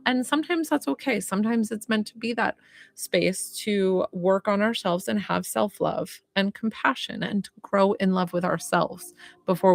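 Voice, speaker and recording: A woman working as a psychic medium, chatting through a live reading with many "like" fillers. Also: medium pitch.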